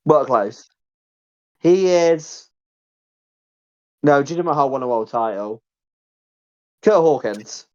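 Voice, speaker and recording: A man rambling through jokey banter with friends as a podcast co-host. His voice sits at a middling pitch and comes through a dull, lo-fi microphone. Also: animated, slow, pauses often. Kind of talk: casual banter among friends.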